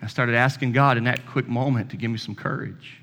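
Folksy pastor in a reverberant hall. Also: male voice, mid-range voice, fairly even intonation, a little fast, fairly bright tone. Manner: folksy storyteller, acts out both sides of conversations. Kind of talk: sermon with storytelling. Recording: long reverb in a church hall.

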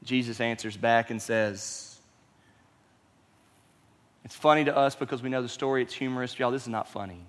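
Pastor preaching in a reverberant hall. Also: male voice, medium pitch, moderate pace, long pauses. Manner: conversational, emphatic preaching with rhetorical questions. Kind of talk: sermon.

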